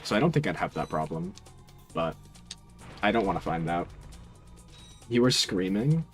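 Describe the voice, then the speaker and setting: A male game streamer with a low voice that swings lively up and down as he talks. He chats with his viewers in a relaxed, dry, teasing manner, and a little music plays faintly underneath. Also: moderate pace. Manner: laid-back, dry and teasing, answers chat. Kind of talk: casual stream chat while gaming.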